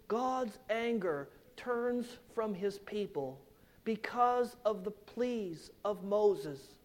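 Slow-preaching man with a high voice. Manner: slow, emphatic preaching with dramatic swells and drops. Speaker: pastor. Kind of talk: sermon.

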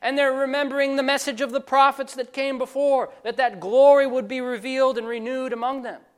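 A man's voice: extremely high pitch, steady tone, a little fast. A man preaching an expository sermon, driving points home with emphatic rhetorical questions. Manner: emphatic, rhetorical questions, stressing key words.

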